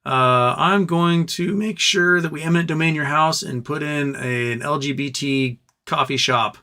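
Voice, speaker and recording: A man's voice: a little high, moderate pace, pushed and bright. A man doing a mock impression of an elderly male president, blustering and indignant.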